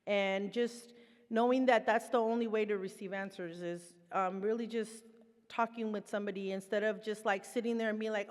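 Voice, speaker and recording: A woman of middle pitch speaks on a panel about her own recovery. Her talk is heartfelt, loose and unscripted, full of fillers. Her voice carries a long reverb like a large hall. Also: steady tone, a little fast. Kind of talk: conversational presentation.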